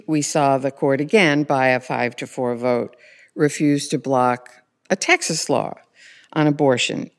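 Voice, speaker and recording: A woman's voice: deep voice, in a large hall. A woman correspondent interviewing a guest, building long, pointed questions step by step. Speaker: legal affairs correspondent, interviewer.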